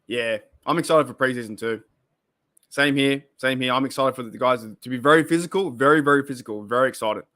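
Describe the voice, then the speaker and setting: A man's voice: medium pitch, a little fast, a bit bright. A man hosting a casual live stream, chatting and reacting to viewer comments, often repeating himself and exclaiming. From Australia. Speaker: podcast host reading live chat.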